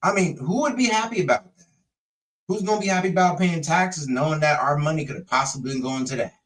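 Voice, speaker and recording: A man's voice: a little high, quick pace. A man casually reacting to a video, sarcastic and incredulous. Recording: voice a bit distant from the mic.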